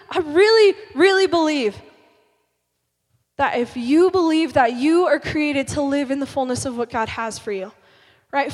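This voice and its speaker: A young woman giving a sermon as a youth speaker, talking in an animated, chatty, emphatic way. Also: sits high. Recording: long reverb of a large hall.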